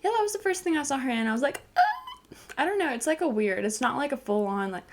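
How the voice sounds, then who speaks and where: A woman's voice: high-pitched, expressive, very fast. A young woman giving a casual, chatty film review on camera, giggling often and filling her talk with "like". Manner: giggly, lots of "like" fillers. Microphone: camcorder.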